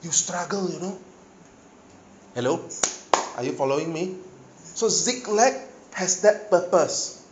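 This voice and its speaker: Pastor guy, kinda high voice, preaching in an echoey hall w faint hiss. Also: slow pace, pauses often. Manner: animated, asks the audience questions, swings between loud and soft. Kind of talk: sermon.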